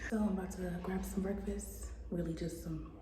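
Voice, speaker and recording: A woman's voice: on the low side, fairly even intonation, normal speed. Chatty venting woman vlogger, noisy. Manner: chatty, venting, uses y'all. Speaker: vlogger in flight attendant training. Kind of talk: casual vlog talk to camera.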